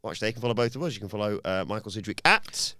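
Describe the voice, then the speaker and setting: Racing along in a fairly low voice, this man recaps a wrestling show on his podcast, chatting casually and performing the wrestlers' quotes as he goes. The studio audio is clean with no echo.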